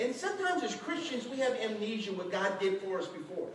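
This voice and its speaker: Man, pastor, high voice, animated sermon, echoey church hall, distant mic. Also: quick pace, hardly any pauses. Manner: animated, acts out quotes with shouts and laughs.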